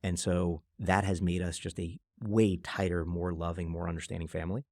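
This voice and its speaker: A deep-voiced man with a gravelly edge talks at a brisk clip in a podcast interview. He tells stories with energy and slips into quoted voices along the way. The sound is dry and close. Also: no echo. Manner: fast, animated storyteller who acts out quotes. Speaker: guest, venture investor.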